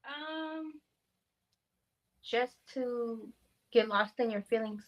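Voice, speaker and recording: A woman who is a singer, talking in an interview with a sultry, playful, drawn-out delivery. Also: fairly high pitch, muffled recording. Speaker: singer and guest. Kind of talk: casual interview chat.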